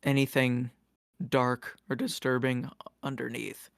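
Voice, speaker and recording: A man co-hosting a casual film discussion podcast, giving relaxed, blunt commentary. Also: mid-range voice, slow, vocal fry, no room sound, clean studio sound. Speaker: podcast co-host.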